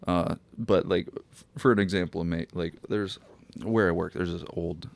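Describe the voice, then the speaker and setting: A man's voice: low voice, normal speed, gravelly, no room sound. A man co-hosting a podcast, telling stories with lots of swearing and laughter. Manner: swearing, laughing storyteller, animated when quoting. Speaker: podcast co-host. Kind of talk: casual chat.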